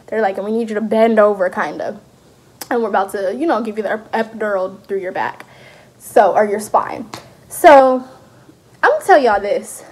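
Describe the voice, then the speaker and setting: A young woman, chatting through a storytime vlog in a lively, animated way. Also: mid-range voice, normal speed, slightly rough. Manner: chatty, animated retelling with laughs. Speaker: vlogger.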